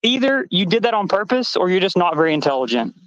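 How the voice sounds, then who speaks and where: A woman's voice: on the low side, very animated, quick pace, no room sound, muffled recording. A trans woman on a live stream panel, delivering a heated, angry rant full of swearing and accusations.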